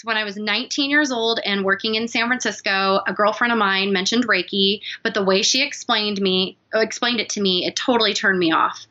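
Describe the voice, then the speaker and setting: A woman's voice: medium pitch, brisk, bright, forceful tone, muffled recording. A woman guest telling a personal story in an earnest, confiding, emotional way. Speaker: podcast guest.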